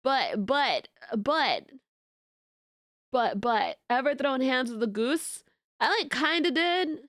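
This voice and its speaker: Bubbly high-voiced young woman streamer. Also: takes it slowly, no room sound, clean studio sound. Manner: animated, laughing rants. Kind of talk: casual live-stream chat.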